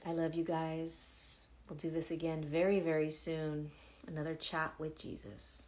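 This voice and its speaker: A woman spiritual teacher talking to viewers in a casual livestream, gentle and musing. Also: sits low, little pitch movement, a little slow, a little hiss or hum. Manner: gentle, musing, soft-spoken.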